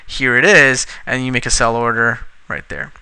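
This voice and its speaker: A man teaching a trading strategy over a screen recording, casual and increasingly frustrated, swearing at his slow computer. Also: medium pitch, steady tone, bright, forceful tone, smooth, dry recording. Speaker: trading instructor.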